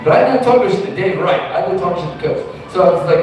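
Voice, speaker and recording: A young male open mic comedian from Virginia Beach rambles through a profane story, cutting himself off and circling back. His voice sits high for a man. The sound is very echoey and distant, with faint noise behind it. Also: expressive, quick pace, few pauses, darkish tone. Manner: profane, rambling, self-interrupting. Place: comedy club stage.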